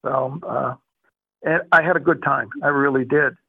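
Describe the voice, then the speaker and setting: Gravelly older man, tinny phone-like sound. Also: medium pitch, steady tone, moderate pace, no room sound. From Boston. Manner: rambling, warm storytelling with many fillers. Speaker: interviewee. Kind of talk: oral history interview.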